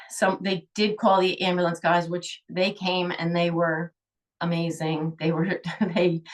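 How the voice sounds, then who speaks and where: A woman's voice: on the low side, recorded from a distance. A middle-aged woman, a holistic healer, telling a personal story in an emotional, rambling way, with sighs.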